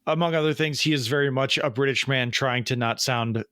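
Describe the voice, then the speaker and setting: A man in his forties hosting a podcast in casual chat, fast and prone to tangents and self-interruptions. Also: mid-range voice, pushed and bright, dry recording, clean studio sound. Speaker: podcast host.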